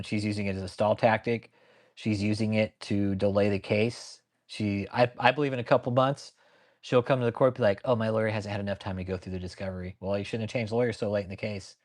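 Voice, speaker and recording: A lowish-voiced man hosts a loose commentary stream, rambling and swearing freely as he goes. He talks bluntly and answers his viewers by name as they chime in. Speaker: channel host. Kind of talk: casual livestream commentary.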